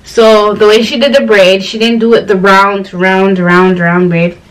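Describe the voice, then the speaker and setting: A woman's voice: mid-range voice, unhurried, far from the mic, poor audio. A young woman from Ghana, chatting casually and rambling as a vlogger talking to camera. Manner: chatty, rambling storytelling with animated quoted voices.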